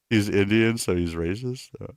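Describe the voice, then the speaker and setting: A man's voice: fairly low pitch, darkish tone, no room sound, studio quality. A man streaming live in a casual, rambling way, reading and answering chat with self-mocking asides.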